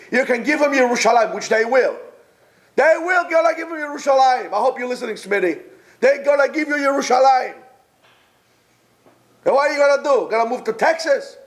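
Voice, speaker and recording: Male Torah teacher with a high voice, rhetorical and insistent, informal class delivery. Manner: emphatic, rhetorical, repeats points; talks directly to absent listeners.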